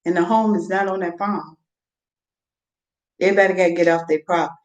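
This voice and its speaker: A woman's voice: on the low side, steady tone, brisk, low-quality recording. Woman, casual livestream host, rambles, laughs easy, talks straight to viewers. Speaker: vlogger.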